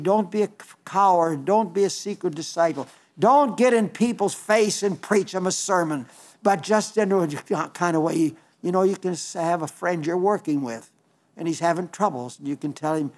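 An older man preaching a folksy, earnest sermon in a conversational way, rising to sudden emphasis at times. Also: a little high. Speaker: radio preacher.

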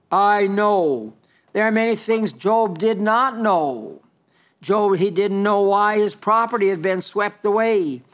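Older man preaching a high-voiced sermon. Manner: earnest, emphatic, repeats key phrases.

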